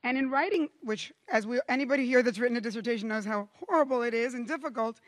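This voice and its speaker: A high-voiced middle-aged woman from Cuba delivers a keynote speech, telling stories with lively pacing and emphatic pauses. Her voice rings through a large hall with a long, lingering reverb. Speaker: keynote speaker.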